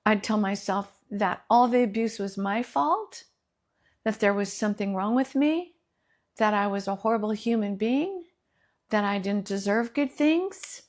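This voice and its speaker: A middle-aged woman with a lilt talks slowly and earnestly on her podcast. She shares personal stories in a reflective way, acting out what other people said. Her voice sits at an everyday middle pitch. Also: animated. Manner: earnest, storytelling, quotes others in acted voices. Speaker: podcast host.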